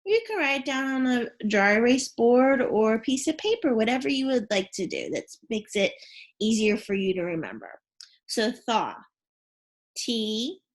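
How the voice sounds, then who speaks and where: A woman teaching a phonics and spelling lesson to young children, sounding out letters and asking questions. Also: a little high. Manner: slow, clear, sounding out letters and prompting questions.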